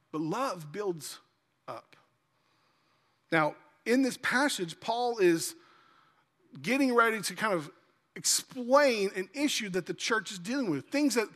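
A man preaching a sermon, telling personal stories and acting out the voices of the people in them, slowing down to stress key words. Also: high-pitched, fairly bright tone, long reverb tail. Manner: storytelling preacher, acts out quoted voices, slows for emphasis. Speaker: pastor.

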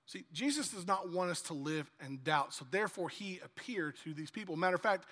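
A man preaching a sermon as pastor, animated and acting out dialogue in lively asides, in a church hall. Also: a little high, brisk, hardly any pauses.

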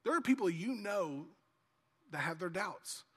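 A man preaching a sermon as pastor, animated and acting out dialogue in lively asides, in a church hall. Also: high voice, unhurried, slightly rough.

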